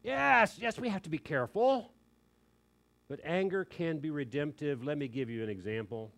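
A man's voice: on the high side, moderate pace, creaky. An older man preaching a sermon, telling a family story in an earnest, conversational way. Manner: earnest, conversational, quoting others in lively asides.

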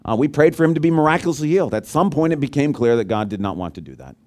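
A man preaching a sermon as pastor, talking conversationally and asking the congregation questions, swinging between loud emphasis and quiet low asides. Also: very animated, racing.

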